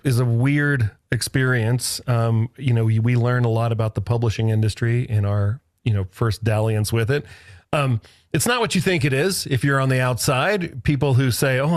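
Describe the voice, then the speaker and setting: A man's voice: medium pitch, moderate pace, no echo. Dry-sounding chatty male host. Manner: laughs easily, chatty. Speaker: podcast host. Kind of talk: casual interview chat.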